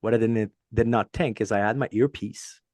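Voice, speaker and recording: A middle-aged man with a French accent, a native French speaker, chatting casually as podcast co-host, halting and restarting often. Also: fairly low pitch, steady tone, darkish tone, no room sound, clean studio sound. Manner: rambling, halting with many restarts. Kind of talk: casual chat.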